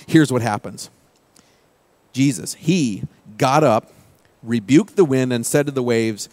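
A male pastor preaching a sermon in a conversational way, dropping his voice low and quiet for key quoted phrases. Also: moderate pace, dry recording.

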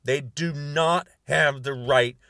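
A man's voice: fairly high pitch, slow pace, gravelly, bright, forceful tone, no echo, clean studio sound. A man of about sixty delivering a heated monologue to camera, repeating words for emphasis and stretching out key words. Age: 60s. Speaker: video blogger.

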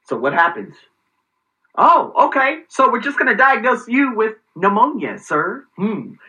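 A man's voice: sits high, huge pitch swings, a little slow, bright, forceful tone, low-quality recording. A man delivering a heated, profane, sarcastic vlog rant. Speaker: vlogger. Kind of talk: ranting vlog commentary.

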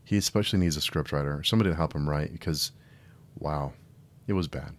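A man's voice: a bass voice, quick pace. A man hosting a solo film review podcast, talking casually with frequent restarts and an exasperated tone. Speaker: podcast host.

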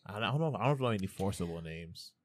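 A man in his thirties co-hosting a podcast, chatting casually, playful and animated, swearing freely. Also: low-pitched, very fast, no room sound. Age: 30s. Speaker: podcast co-host. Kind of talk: casual chat. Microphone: studio microphone.

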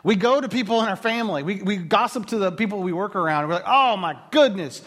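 A man's voice: sits high, fast talker. A man preaching a sermon as a pastor, talking casually and acting out the voices of the people in his story. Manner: animated, acts out quoted voices.

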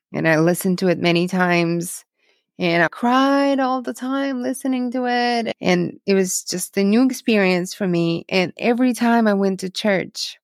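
In a podcast interview, a woman from Ukraine shares her faith story as a personal testimony, earnest and emotional, repeating herself often. Her voice is on the low side, captured in clean studio sound with no room sound.

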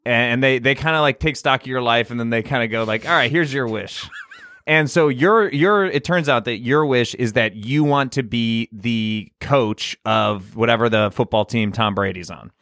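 Podcast co-host, man, mid pitch, relaxed delivery, dry close mic. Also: moderate pace, no room sound. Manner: easygoing, laughs along, pitches prompts. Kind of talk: improvised comedy riffing.

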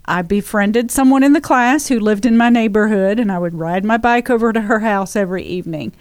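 A woman's voice: mid-range voice, a little fast, no room sound. A woman raised in England with an American accent, co-hosting a podcast and telling stories in a bantering, chatty way. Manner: bantering, storytelling. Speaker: podcast co-host. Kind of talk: casual chat.

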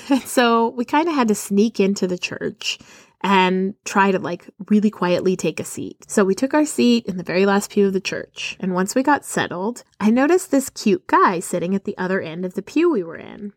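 A woman's voice: medium pitch, expressive, normal speed, no echo. Chatty woman podcaster, dry close sound. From Arizona, USA. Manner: chatty, laughs often between sentences. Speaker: podcast host. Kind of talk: personal storytelling monologue.

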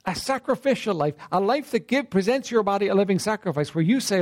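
Male pastor, conversational sermon, high and highly animated delivery, keeps clearing his throat. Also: fast talker. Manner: conversational preaching with frequent "right?" and "you know what?".

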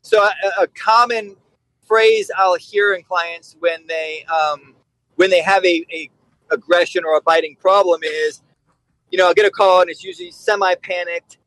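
High-voiced, animated male dog trainer. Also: normal speed, dry recording, low-quality recording. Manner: animated, acts out quoted voices and swears for emphasis. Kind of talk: casual conversation.

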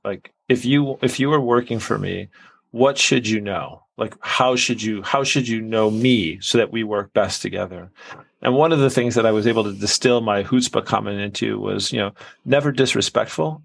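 Male guest, low gravelly voice, thoughtful and measured. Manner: thoughtful, uses "right?" as a tag. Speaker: interview guest, business leader. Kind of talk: reflective storytelling.

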